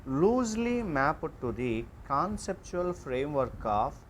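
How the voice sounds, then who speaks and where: A man giving an online class lecture, reading out slide points in a slow, halting way with frequent fillers. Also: fairly high pitch, big pitch swings, a little hiss or hum.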